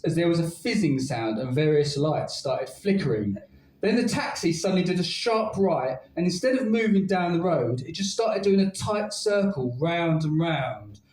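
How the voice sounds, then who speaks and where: Lively man performing comic poetry live. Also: on the high side. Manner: lively, wry comic storytelling with dry asides. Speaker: spoken word poet. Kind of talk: comic spoken word performance. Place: live spoken word night with an audience. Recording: roomy live venue, distant mic.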